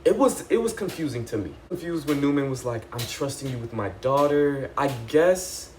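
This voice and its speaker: Excitable young man recapping a show. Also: mid-range voice, moderate pace, slight background noise. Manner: excitable, animated, chatty with lots of "like" and "y'all". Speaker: TV recap vlogger. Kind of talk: casual episode recap.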